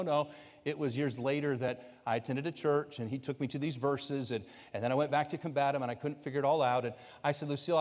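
A man, a pastor, telling a story from the pulpit in a conversational sermon style and voicing the people in it. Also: a little high. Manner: conversational storytelling, voicing quoted people, building to loud preaching. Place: church sanctuary. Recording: long hall reverb from a church sanctuary.

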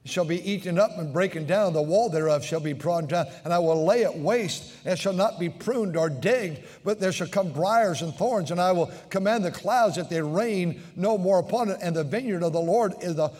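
A man preaching with passion, his voice pitched high, rising to shouts and dropping to near hushes. A long reverb from the church hall trails each phrase. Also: normal speed, few pauses. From United States. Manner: impassioned preaching, swings from shouts to hushed tones. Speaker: pastor. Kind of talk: sermon. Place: large church sanctuary.

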